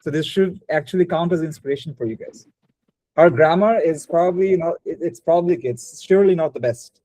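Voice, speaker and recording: Fast-talking man teaching. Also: on the high side, dark tone, dry recording, low-quality recording. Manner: rapid mix of English and Bengali, frequent restarts. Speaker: spoken English teacher. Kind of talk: live online class feedback.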